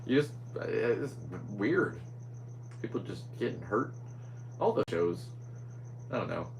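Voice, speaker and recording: Rambling low-voiced man. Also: very animated, unhurried, slight background noise, poor audio. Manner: rambling, scatterbrained. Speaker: podcast host. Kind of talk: casual solo podcast chat.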